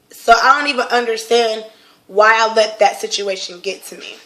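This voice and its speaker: Young woman, casual vlog testimony, heartfelt and rambling, mid-pitched voice. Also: fairly bright tone. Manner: emotional, earnest, rambling with many fillers. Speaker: vlogger sharing a personal testimony. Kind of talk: casual personal talk.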